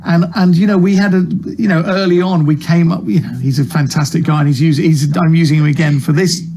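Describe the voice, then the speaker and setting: A man's voice: a little high, steady tone, fairly quick, dark tone. A man, a comic actor, chatting in an interview about his career, self-deprecating and full of restarts, speaking over a video call. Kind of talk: casual interview chat.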